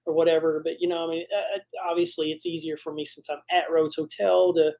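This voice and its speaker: Hesitant low-voiced woman host. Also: level tone, brisk, creaky, warm tone. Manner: hesitant, full of fillers and restarts. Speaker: podcast host. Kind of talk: casual interview chat.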